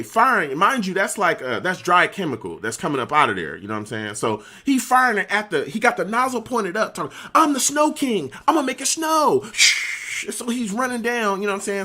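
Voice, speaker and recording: Animated man telling a slangy story. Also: sits high, brisk, hardly any pauses. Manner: animated, slangy, laughs often. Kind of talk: casual storytelling.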